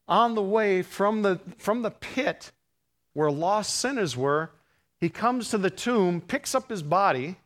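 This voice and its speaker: Brief: male preacher, fairly high-pitched voice, hushed storytelling that swells into fervent peaks. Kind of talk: storytelling sermon.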